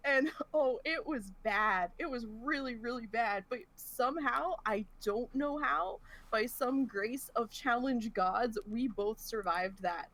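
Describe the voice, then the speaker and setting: A woman co-hosting a podcast, retelling a gaming mishap in a lively, laughing way. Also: fairly high pitch, measured pace. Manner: animated, laughs through the story. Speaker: podcast co-host. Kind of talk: casual storytelling chat.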